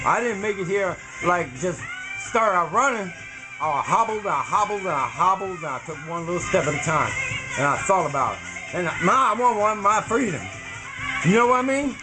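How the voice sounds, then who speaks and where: A man giving a motivational rant as a home cook vlogger, shouting, whooping and half singing his lines. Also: high-pitched, lively intonation, normal speed, over music. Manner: shouting, whooping, sing-song preaching.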